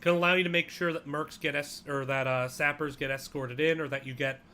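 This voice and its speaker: A man talks through an esports draft on a live stream in a bright, forceful voice that sits a little high. He is casual and crude, throwing in jokes as he goes, and a faint hum of ambience hangs behind him. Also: steady tone, fairly quick. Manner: casual, crude, joking asides while eating on stream. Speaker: esports caster. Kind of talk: solo esports draft commentary.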